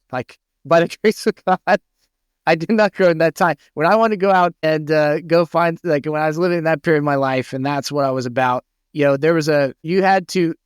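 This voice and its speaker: A man's voice: on the high side, clear, resonant tone, no room sound, clean studio sound. A man hosting a podcast, talking in a thoughtful, rambling way with many restarts. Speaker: podcast host. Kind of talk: casual conversation.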